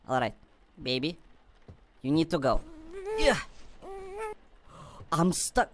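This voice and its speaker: Excitable woman narrating gameplay, wildly swooping. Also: sits low, takes it slowly, pauses often. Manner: excitable, talks to viewers, simple non-native phrasing. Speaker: gaming video host. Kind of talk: gameplay commentary.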